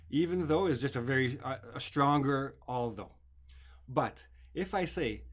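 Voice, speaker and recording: A man's voice: medium pitch, moderate pace. A man teaching an English writing lesson, explaining grammar step by step and often checking in with "okay?".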